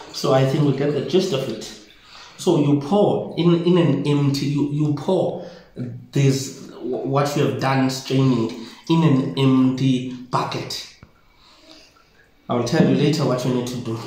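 A man's voice: medium pitch, a little mellow, slight background noise. A South African man, a traditional healer, demonstrating a home brewing process in a casual way and often repeating his phrases as he shows each step. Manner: repeats phrases while showing steps. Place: newly moved-into home. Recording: very echoey bare room.

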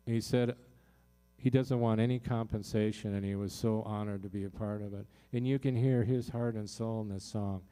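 A man with a lowish, mellow voice tells a personal story to a live audience from a concert stage. He talks loosely and from the heart, stacking up fillers and restarts as he goes. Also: fairly even intonation, normal speed. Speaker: singer-songwriter performing in concert.

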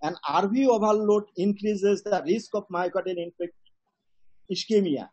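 Prof giving a lecture, kinda high pitched, husky, middle aged. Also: male voice, normal speed, darkish tone, dull audio. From Bangladesh. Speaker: lecturer, professor of cardiology. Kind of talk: academic lecture.

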